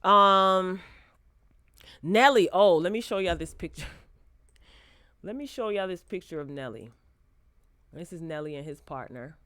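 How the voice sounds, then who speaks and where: A woman hosting a casual pop culture commentary show, animated and sassy, talking straight to her viewers on a close mic. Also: lowish voice, measured pace, pauses often, no echo. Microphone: close desk mic.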